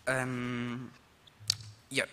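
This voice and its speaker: A teenage exchange student from Italy with an Italian accent, giving a halting, apologetic speech at a school assembly. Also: male voice, mid-range voice, completely flat delivery, a bit bright, a little hiss or hum. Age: teens. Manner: nervous, halting, apologetic with laughs. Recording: reverberant hall, faint ambience.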